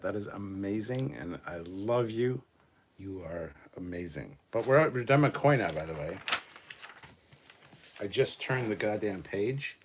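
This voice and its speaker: A man's voice: fairly low pitch, a little hiss or hum. Tipsy man hosting a trivia livestream. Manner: loose, swearing, tipsy banter with chat. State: drinking, slightly drunk. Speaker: livestream host. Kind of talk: casual livestream trivia chat.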